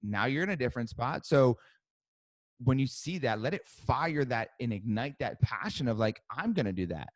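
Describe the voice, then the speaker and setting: A man coaches on a podcast with a middle-pitched voice, pressing his points in an emphatic, encouraging way. He swears casually as he talks. The sound is close and dry. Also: expressive, normal speed, no echo. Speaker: growth coach. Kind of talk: podcast interview guest.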